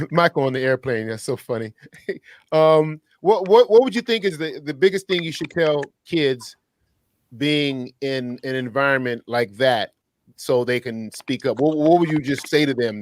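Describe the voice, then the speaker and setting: A man co-hosting a talk show, animated, laughing between remarks and restarting his questions. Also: mid-range voice. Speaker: co-host. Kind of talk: casual talk show chat.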